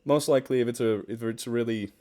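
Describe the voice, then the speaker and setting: A man's voice: medium pitch, fairly even intonation, quick pace, mellow. A British man with a mixed British-American accent, hosting a casual charity livestream from home. He chats, laughs often, pokes fun at himself and reads viewer comments aloud. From United Kingdom. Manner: chatty and self-deprecating, laughs often, reads chat aloud. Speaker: charity livestream host and story narrator. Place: home room with fish tank near the mic. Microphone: desktop microphone.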